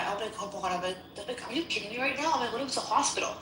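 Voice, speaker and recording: A woman's voice: a little high, racing, noisy background. A woman telling a story in casual chat, heated and profane. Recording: echoey room.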